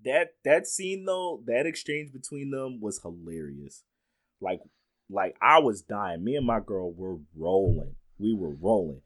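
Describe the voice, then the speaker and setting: A man's voice: fairly low pitch, measured pace. A man casually chatting about a film, laughing often and acting out scenes as he retells them. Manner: laughs often, animated retelling with quoted lines. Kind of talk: casual movie chat.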